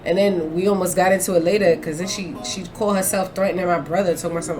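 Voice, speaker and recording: A woman co-hosting a casual chat, telling a story in an animated, emphatic way that swings between loud and soft. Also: fairly low pitch, fast, hardly any pauses, soft background music. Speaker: podcast co-host; teacher.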